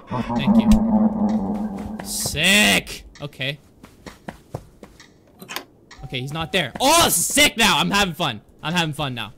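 A young man commenting on a horror game he is playing, excitable, yelling, laughing and talking back to the characters. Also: a little high, a little hiss or hum. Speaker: gaming YouTuber.

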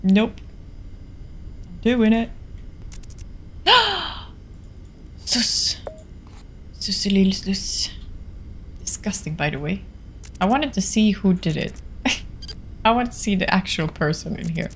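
A young Finnish woman streaming a horror game, talking in an unhurried, gravelly voice on a desktop mic at home. She chats with viewers in accented English and turns jumpy, slipping into whispers, with a faint hiss of noise underneath. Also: mid-range voice, animated. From Finland. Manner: chatty, jumpy, drops to whispers. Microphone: desktop studio mic.

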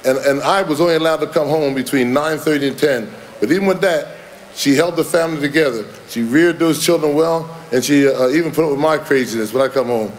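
In a large hall before an audience, a man in his seventies delivers a Hall of Fame induction speech. His voice is fairly high and fairly quick, and he rambles folksily, chuckling at his own jokes.

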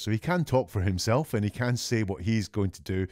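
A man giving a measured, deliberate analysis of an emergency call, slowing down to stress key words. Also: fairly low pitch, expressive, mellow, dry recording, studio quality. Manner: measured, deliberate, often slows for emphasis. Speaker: statement analysis commentator. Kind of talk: analytical commentary on a recorded call.

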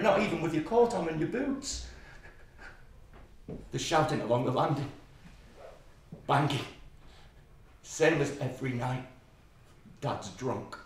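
A man's voice: fairly high pitch, measured pace, pauses often. An actor playing a violent, menacing father who recalls a brutal childhood, in a brooding stage monologue. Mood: tense, bitter. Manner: brooding and menacing, flaring into manic shouting. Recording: echoey hall, voice from far off.

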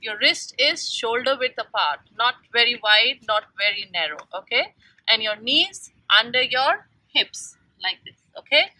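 A woman yoga instructor leading a mother-and-child yoga class, giving slow, gentle step-by-step instructions. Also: on the high side, no echo, low-quality recording.

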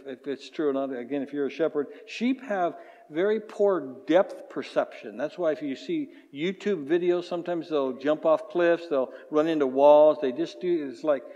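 Lively pastor preaching in a reverberant hall. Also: male voice, fairly high pitch, moderate pace, dull audio. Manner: animated, acts out voices, chuckles often. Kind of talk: sermon. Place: church sanctuary.

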